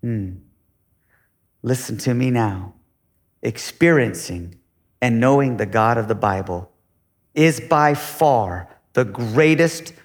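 Here the preacher's medium-pitched voice carries big-room sound. Leading his congregation as pastor, he asks rhetorical questions and shifts from loud emphasis to quiet asides.

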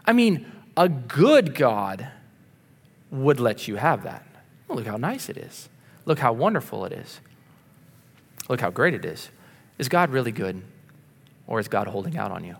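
A man preaching voices the devil as a sly, dismissive male tempter who coaxes in a soft, lower, quieter tone. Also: very animated, unhurried, gravelly, pauses often, husky, big-room sound, heavily acted. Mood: coaxing.

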